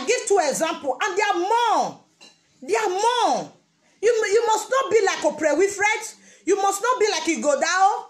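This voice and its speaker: A woman with a Nigerian Pidgin English accent giving a casual motivational talk, repeating her phrases for emphasis. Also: extremely high pitch. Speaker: vlogger.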